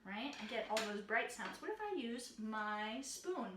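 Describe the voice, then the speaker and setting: A woman's voice: on the high side, sing-song, unhurried. A woman teaching a children's music lesson from her home kitchen, talking in friendly questions to young listeners. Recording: echoey kitchen, distant mic, loud clatter.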